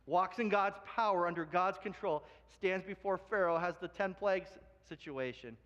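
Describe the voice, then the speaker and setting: Man, pastor, high voice, animated sermon, long hall reverb. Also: muffled recording. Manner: animated storytelling, acts out quoted voices. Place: church sanctuary.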